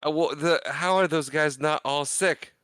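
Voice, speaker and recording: Podcast guy talking movies, smooth bright voice, dry close sound, calm matter of fact takes. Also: on the high side, moderate pace, no echo. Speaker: podcast co-host. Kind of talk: casual movie discussion.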